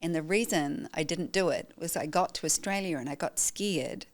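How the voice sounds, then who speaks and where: A middle-aged New Zealand woman with a low-sitting voice speaks at a moderate pace as a podcast guest. She's a photographer and educator, telling her story emphatically and with animation, acting out what she said to people.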